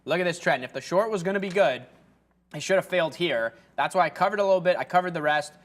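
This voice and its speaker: A man with a high-sitting voice talks at a quick pace as co-host of a studio day-trading livestream. His market commentary is loose and rambling, often fading out into fillers.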